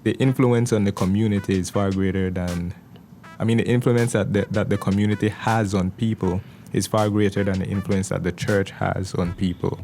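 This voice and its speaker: A man, a pastor answering interview questions in an earnest, steady way. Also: low voice, normal speed, faint music behind. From Belize. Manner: earnest, steady, repeats small words as he thinks. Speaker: pastor, podcast guest. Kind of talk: measured conversational interview answers.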